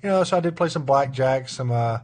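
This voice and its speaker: A man's voice: medium pitch, fairly quick. A man co-hosting a casual gaming podcast, telling laid-back stories with dry jokes. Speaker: podcast co-host.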